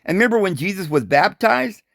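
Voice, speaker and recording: This Bible teacher's informal scripture commentary is loose and animated, packed with rhetorical questions and short chuckles. His voice is high, gravelly, and varies a lot in pitch. It's recorded close and dry, with no room sound at all.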